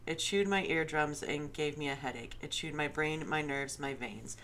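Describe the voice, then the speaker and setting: A woman's voice: low voice, moderate pace, a bit bright, a little hiss or hum. A woman reading a fan story aloud, with joking asides between passages. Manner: reads aloud steadily, slipping into laughter and swearing at the text.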